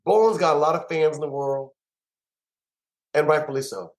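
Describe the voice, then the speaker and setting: A man, a musician and producer, telling stories in an interview with an emphatic, animated way of talking and lots of repeated words. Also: a little high, moderate pace, rough recording. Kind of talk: storytelling interview.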